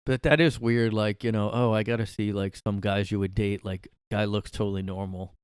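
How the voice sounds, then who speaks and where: A man's voice: lowish voice, fairly even intonation, moderate pace, clear, resonant tone, no echo, clean studio sound. A young man hosting a solo comedic podcast, rambling with crude jokes. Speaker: podcast host. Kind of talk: solo casual comedic talk.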